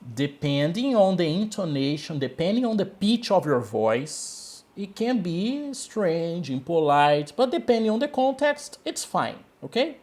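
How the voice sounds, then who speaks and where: A man's voice: high-pitched, big pitch swings, a little slow, hardly any pauses, a little mellow. A man with a Brazilian Portuguese accent, a native Portuguese speaker teaching English one-on-one, repeating key words and often checking "okay?".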